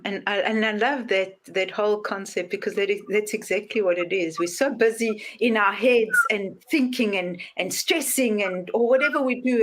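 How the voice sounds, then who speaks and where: A woman hosting a podcast interview, telling stories with lively acted-out voices. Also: medium pitch. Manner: animated storyteller, acts out voices in anecdotes. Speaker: podcast host. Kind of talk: casual interview talk.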